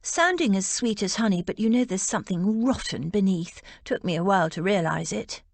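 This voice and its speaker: A woman's voice: medium pitch, lively intonation, brisk, gravelly, no echo. A woman voicing a spirited, defensive young Regency lady who speaks emphatically and stubbornly.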